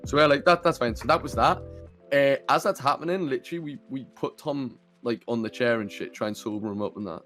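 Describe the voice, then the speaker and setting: A man's voice: medium pitch, brisk, a bit bright, soft background music. A young man hosting a podcast, telling a story in a rambling, sweary way full of fillers. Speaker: podcast host. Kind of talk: casual storytelling. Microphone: computer camera mic.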